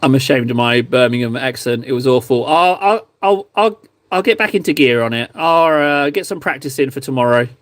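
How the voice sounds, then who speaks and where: A man's voice: medium pitch, animated, fairly quick, no room sound. An English man streaming and chatting casually with his viewers, self-deprecating and easygoing. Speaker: streamer chatting with viewers while painting miniatures. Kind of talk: casual chat.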